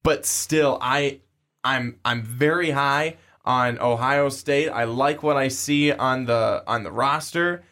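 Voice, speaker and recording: A man's voice: medium pitch, slow pace, pushed and bright. A man in his twenties co-hosting a sports podcast, talking in casual chat and often repeating words as he starts a thought. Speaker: podcast co-host.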